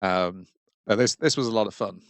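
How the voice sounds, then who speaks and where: A man's voice: lowish voice, moderate pace, dry recording. Hesitant man with a dry sound. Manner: hesitant, searching for words. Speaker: podcast co-host. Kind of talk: casual chat.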